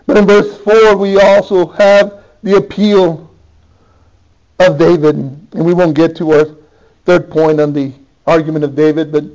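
High-voiced fervent male preacher. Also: darkish tone, muffled recording. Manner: fervent, pleading, rising to high impassioned cries. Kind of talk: evening sermon.

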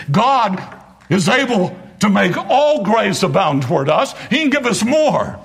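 A man's voice: sits high, very animated, measured pace, vocal fry, fairly bright tone, slightly rough. A man preaching a sermon as pastor, driving points home with emphatic repetition and wry asides.

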